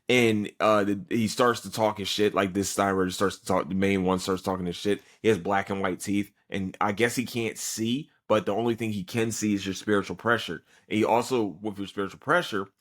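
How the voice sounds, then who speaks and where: Male podcast host for a loose, swearing recap full of restarts, sitting slightly low in pitch. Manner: rambling, profane, frequent restarts. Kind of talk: casual anime episode recap.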